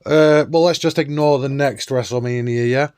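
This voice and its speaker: A man's voice: mid-range voice, steady tone, moderate pace, darkish tone, clean tone, dry recording, studio quality. A man hosting a nostalgic countdown video in an enthusiastic, chatty way. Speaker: host.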